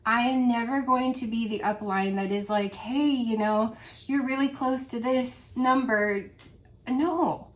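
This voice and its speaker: Earnest rambling woman, slightly high voice. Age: adult with a grown daughter. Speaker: home fragrance consultant vlogger. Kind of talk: casual heart-to-heart monologue.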